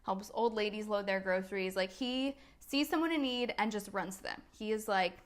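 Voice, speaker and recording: At a medium pitch and normal speed, a woman who works as a business strategy and NLP coach hosts a live video. She talks casually and chattily, often laughing at herself.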